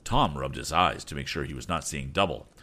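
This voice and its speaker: A man reading a storybook aloud as a podcast host, expressive and animated. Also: very deep voice, fairly quick. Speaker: audiobook narrator and podcast host. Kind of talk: storybook narration. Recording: faint background music.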